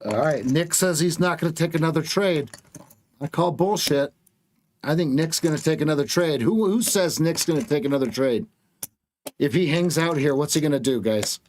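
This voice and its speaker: Guy running a live trading stream, kinda high voice, hypes up and repeats himself, bit of hiss behind. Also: moderate pace. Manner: excitable, repeats words, joking with chat.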